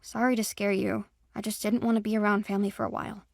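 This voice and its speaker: A woman's voice: mid-range voice, little pitch movement, quick pace, gravelly, no echo, studio quality, natural voice. A woman voicing a young female shapeshifter, frightened but defiant, in an audio drama. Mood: flustered.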